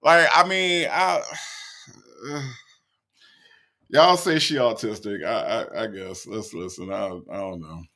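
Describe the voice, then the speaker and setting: With a lowish voice, a slow delivery, and many pauses, this man hosts a casual reaction commentary. He's animated, laughs a lot, and talks straight to viewers.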